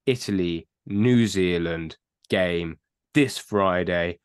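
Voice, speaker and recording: A man co-hosting a casual sports podcast, blunt and quick to swear as he rants. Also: sits low, clear, resonant tone. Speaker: podcast co-host.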